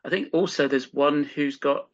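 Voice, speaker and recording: A British man chatting on a podcast, halting and searching for his words as he talks. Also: fairly high pitch. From United Kingdom. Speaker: podcast co-host. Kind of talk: casual podcast chat. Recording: slightly dull lo-fi audio.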